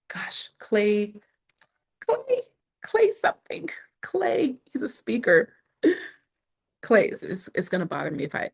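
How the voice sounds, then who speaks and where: A woman speaking to camera in a casual vlog about her online business, chatty, with frequent laughs and restarts. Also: on the low side.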